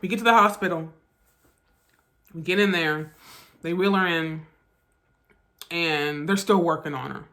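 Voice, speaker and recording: Bright-voiced woman telling an emotional story. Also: fairly low pitch. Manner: emotional, halting retelling with restarts. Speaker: vlogger. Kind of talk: storytime vlog.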